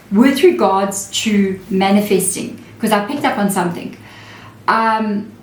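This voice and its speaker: A woman talks through a tarot reading in a chatty, reassuring way and briefly acts out the people she quotes. Her voice sits in a middle pitch and carries a clear room echo. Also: darkish tone. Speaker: tarot reader. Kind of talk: casual tarot reading monologue.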